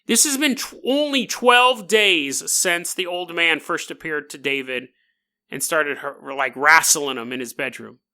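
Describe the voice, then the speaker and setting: A male podcast host telling a story with sarcastic jokes and frequent laughter. His voice sits high and has a very bright, sharp edge. The tone is casual and mocking. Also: a little slow. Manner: sarcastic, joking, laughs often.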